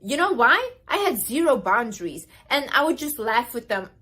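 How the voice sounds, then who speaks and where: A woman's voice: on the high side, very animated, moderate pace, fairly bright tone, husky. A woman in her twenties giving casual motivational advice to camera, emphatic and sassy, repeating words for emphasis. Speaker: self-help vlogger.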